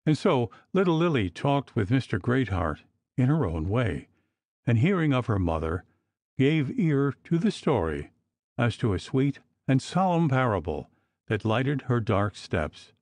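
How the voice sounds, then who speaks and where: A man narrating an old gothic novel as an audiobook, reading in a measured, expressive way. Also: medium pitch, no room sound.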